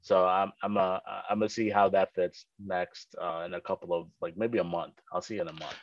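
A young man chatting casually as a podcast guest, rambling and halting with lots of "like". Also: sits low, steady tone, dry recording, dull audio. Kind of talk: casual chat.

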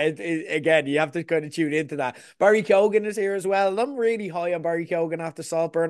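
A man's voice: on the high side, clean tone. A young man co-hosting a podcast, chatting casually and rambling through TV reviews with lots of fillers. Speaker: podcast co-host.

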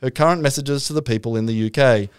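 A man chats with friends and tells a funny story with plenty of laughter. His voice is smooth and clear, and it sounds dry and close to the mic. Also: medium pitch, fast talker, no echo. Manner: laughing storyteller, animated retelling. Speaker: podcast co-host. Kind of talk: casual comedic chat.

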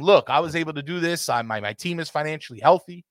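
A man's voice: a little high, expressive, fast, few pauses, a bit bright, dry recording, studio quality. A man hosting a casual football talk show, ranting passionately and swearing freely. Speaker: podcast host.

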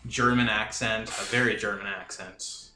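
Bright-voiced player in an echoey room. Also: male voice, on the low side, normal speed. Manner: relaxed, with filler "you know". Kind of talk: casual podcast chat. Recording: echoey room with faint noise.

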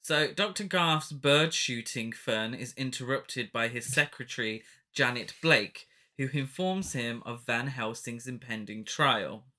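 A man with a bright, crisp voice co-hosts a casual film podcast. He recaps an old movie's plot in a chatty way, breaking into giggles often. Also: mid-range voice, a little slow, few pauses. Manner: giggly, retells the plot with frequent laughs. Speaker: podcast co-host. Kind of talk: casual film-review chat.

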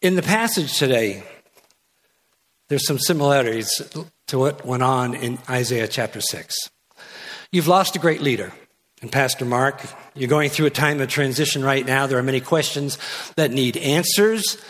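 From a church pulpit, an older guest pastor jokes and teases through his sermon, restarting and wandering into asides. His voice is mid-range and fairly bright, at a moderate pace, with long reverb from the hall.

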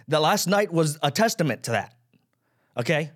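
A man's voice: a little high, animated, normal speed, a bit bright. A man in his thirties hosting his own podcast, ranting casually about himself, swearing and rambling. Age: 30s. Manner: self-deprecating, swearing, rambling. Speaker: podcast host. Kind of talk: casual solo rant.

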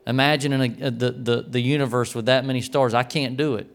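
Man, earnest worship teaching, resonant smooth voice, reflective and plainspoken. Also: mid-range voice, steady tone, fairly quick. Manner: earnest, reflective, with small restarts. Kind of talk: devotional teaching talk.

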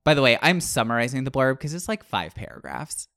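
A man's voice: medium pitch, brisk, few pauses, no room sound. A man co-hosting a podcast, reviewing a book in casual chat, sarcastic and wired on caffeine. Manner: animated, sarcastic, swings between loud and muttered asides. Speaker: podcast co-host.

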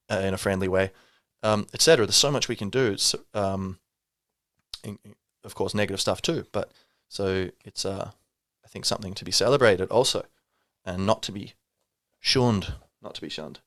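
On his solo podcast, a male host talks in a reflective, meandering way, full of fillers and false starts. His voice sits fairly low yet sounds fairly bright and clean, captured dry in a clean studio.

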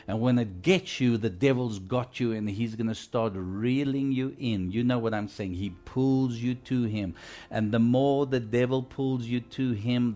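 A man's voice: mid-range voice, darkish tone. A man preaching a sermon, retelling scripture in a conversational way and urging his listeners with emphasis.

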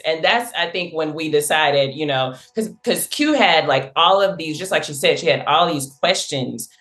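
A woman's voice: mid-range voice, a bit bright, soft background music. A woman from a publishing team chatting on a podcast, telling a story with lots of ums and laughs. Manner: halting, many fillers and restarts, laughs while telling. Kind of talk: casual podcast chat.

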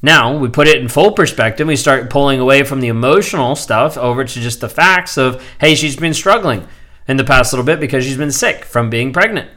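A man's voice: medium pitch, a little fast, bright, forceful tone. A man in his thirties hosting a solo podcast, talking candidly and rambling with lots of filler words. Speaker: podcast host. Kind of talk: casual solo podcast monologue.

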